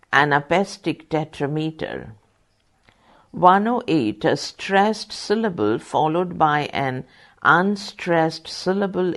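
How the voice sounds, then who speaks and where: A woman reading exam questions and answers aloud in a methodical way, speaking the punctuation and quote marks and spelling out difficult terms letter by letter. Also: deep voice. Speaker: volunteer reader.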